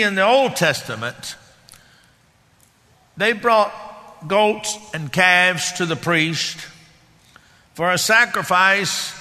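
A man's voice: high voice, pushed and bright, big-room sound. A man preaching a sermon as pastor, in a folksy, conversational way with down-home grammar.

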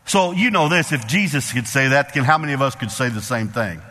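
A man's voice: medium pitch, expressive, a little fast, bright, forceful tone. A man preaching a sermon as pastor, emphatic and repetitive, with call-and-response asides to the congregation. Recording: long hall reverb.

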